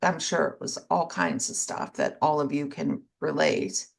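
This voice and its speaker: This podcast co-host has a low, gravelly, sing-song voice and speaks a little slowly. In relaxed conversation she's frank about herself, mixing self-mockery with deadpan sarcasm.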